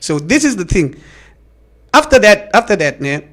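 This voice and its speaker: Man telling a story, high voice. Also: very animated, normal speed, fairly bright tone. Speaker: radio show co-host and comedian. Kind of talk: casual studio chat.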